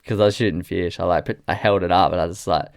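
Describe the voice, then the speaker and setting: A man's voice: low-pitched, fairly even intonation, fast, gravelly, smooth, dry recording, clean studio sound. An Australian man chatting casually as a podcast guest, a laid-back rambling storyteller who swears often. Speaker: podcast guest, surf photographer. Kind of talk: casual chat over a beer.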